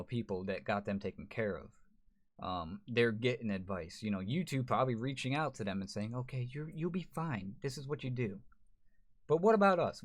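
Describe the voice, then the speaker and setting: Frustrated man venting to camera. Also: on the low side. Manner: frustrated, rambling, many restarts. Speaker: gaming YouTuber. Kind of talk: emotional to-camera vlog.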